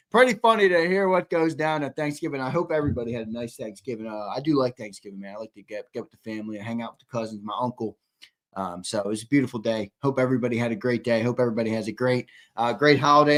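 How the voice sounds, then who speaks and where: A man's voice: fairly high pitch, fairly bright tone. Chatty male sports show host. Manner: chatty, reads viewer comments aloud. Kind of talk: live sports talk show.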